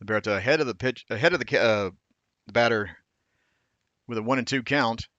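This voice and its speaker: A man calling baseball play by play in a steady, measured way, now and then correcting himself. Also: medium pitch, dry recording, muffled recording. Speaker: play-by-play announcer.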